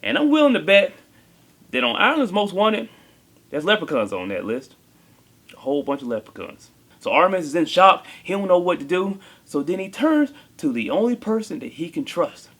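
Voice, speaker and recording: A man's voice: sits high, big pitch swings, normal speed, fairly bright tone, breathy edge. A man giving a comedic movie review, talking in a joking, slangy way.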